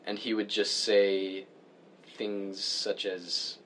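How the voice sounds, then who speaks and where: A man with a fairly low voice, talking casually and opinionated as he complains about things that bug him. He gets animated and his pitch jumps up when he is worked up. A faint hum of background noise sits under his voice. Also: slow. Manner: opinionated, grumbling about pet peeves. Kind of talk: casual chat.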